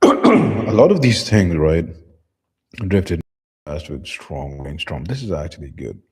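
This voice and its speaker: A man's voice: sits low, very animated, takes it slowly, a little mellow, husky. A man giving casual, rambling livestream commentary in a loose, profane manner. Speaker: streamer reacting to clips.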